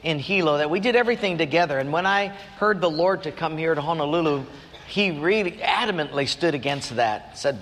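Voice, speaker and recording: A man's voice: expressive, a little fast, a bit bright. A man preaching a sermon in church, telling a personal story earnestly and often lifting his voice. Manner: earnest storytelling with sudden rises in pitch. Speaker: pastor. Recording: long church hall reverb.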